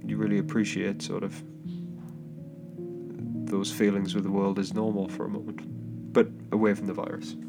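A creaky, lowish English man speaks at a normal speed in a flat tone, hosting his own podcast. His travel story meanders casually, full of fillers, restarts and amused asides, and it's captured on a home microphone over soft guitar backing.

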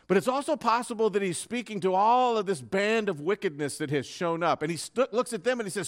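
A man preaching a sermon with fervor, dropping to a hush and then rising to loud, dramatic peaks. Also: high voice, a little fast, few pauses. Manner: dramatic preaching, swinging from hushed to loud, fervent.

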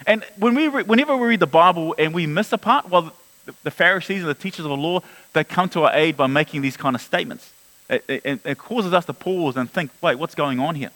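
Preacher, male, high-pitched, earnest sermon delivery with stammered repeats. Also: fairly quick, a bit bright, low-quality recording. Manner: earnest preaching, rising and dropping, repeats words. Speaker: pastor.

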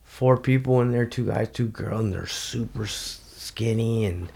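Deep male guest, loose and profane, tells stories with big swings in energy. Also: measured pace, creaky, husky. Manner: loose, profane, animated storytelling. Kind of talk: casual storytelling.

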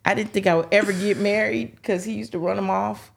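A middle-aged woman with a gravelly, medium-pitched voice talks briskly over slight background noise. She's the host's mother, a guest on a talk show, casually and animatedly telling funny family stories while mimicking the people in them.

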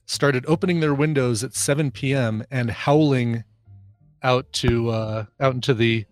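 A man's voice: medium pitch, measured pace, no room sound, faint music behind. A man co-hosting a podcast in casual chat, tossing out wry jokes and laughing often, recorded on a home mic over a remote call. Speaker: podcast co-host.

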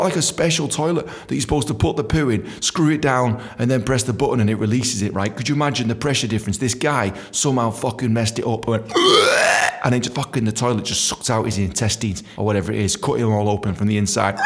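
A man's voice: medium pitch, brisk, fairly bright tone. A man hosting a podcast, casually telling stories and reading from his book, swearing freely and acting out other people's voices. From England. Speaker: podcast host.

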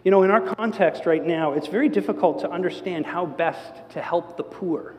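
An older man preaching a sermon in a church, telling stories with lively energy and acting out the quotes. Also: high-pitched, normal speed. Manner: animated storytelling, acts out quotes. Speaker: pastor. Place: church sanctuary. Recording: long church reverb.

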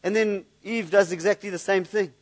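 Church pastor, man, high-pitched voice, earnest sermon delivery with stumbling repeats. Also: fairly even intonation, normal speed. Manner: earnest, repeats words when searching for them.

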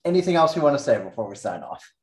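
A man's voice: medium pitch, sing-song, rapid-fire, darkish tone. A man co-hosting a casual sports podcast, talking in a laid-back way with lots of fillers and sounding tired. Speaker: podcast co-host.

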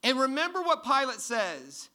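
Bright, high-voiced male preacher. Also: huge pitch swings, moderate pace. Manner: questions the congregation, swings from loud emphasis to hushed. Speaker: pastor. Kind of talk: sermon. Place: church stage before a congregation.

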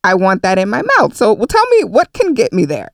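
A woman's voice: medium pitch, wildly swooping pitch, a little fast, no echo, studio quality. A woman in her thirties hosting a podcast, upbeat and frank in casual chat. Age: 30s. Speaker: podcast host.

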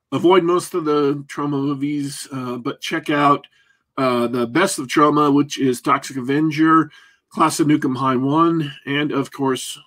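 A male co-host with a higher, fairly bright voice closes out the podcast. He meanders through the casual goodbye, cracking jokes about himself.

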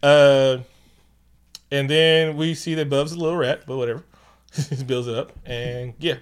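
Animated, profane man recapping a movie. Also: medium pitch, a little slow, clear, resonant tone. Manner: animated, profane, acts out quotes in bursts. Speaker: podcast co-host. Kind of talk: casual movie recap chat.

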